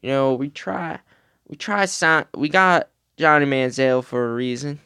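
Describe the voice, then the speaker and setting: A man's voice: medium pitch, measured pace, pushed and bright, clear, resonant tone, no echo, clean studio sound. A man putting on a Southern accent to play a pushy, boastful male football team owner, brash and dismissive. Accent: Southern US, put on.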